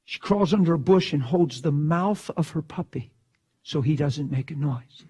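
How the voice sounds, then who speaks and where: Male preacher, husky, higher-pitched, hushed storytelling, sudden shouted bursts. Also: normal speed. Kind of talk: sermon storytelling.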